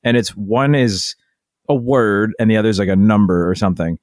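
A man in his thirties, co-hosting a casual podcast, speaking in a relaxed, fond way. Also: lowish voice, brisk, no room sound, studio quality. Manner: relaxed, fond, with frequent fillers and restarts. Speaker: podcast co-host. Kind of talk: casual chat.

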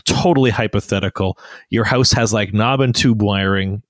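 A man's voice: fairly low pitch, moderate pace, no room sound, clean studio sound. A man in his thirties, co-hosting a casual podcast chat, telling stories animatedly and laughing often. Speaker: podcast co-host.

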